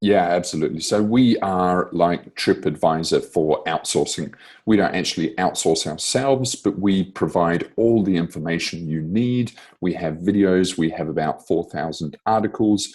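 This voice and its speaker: A man, a company founder answering interview questions in a relaxed way. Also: sits low, husky. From born in the UK, raised in New Zealand. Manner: relaxed, hedging with "uh" and "sort of".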